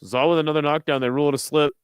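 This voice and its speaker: A man's voice: on the high side, steady tone, racing, clear, resonant tone, dry recording, studio quality. A tired man casually commentating a fight stream, joking and swearing as he greets viewers in chat. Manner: laid-back, profane, jokey asides to chat. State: tired, burping. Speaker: livestream fight watch-along host.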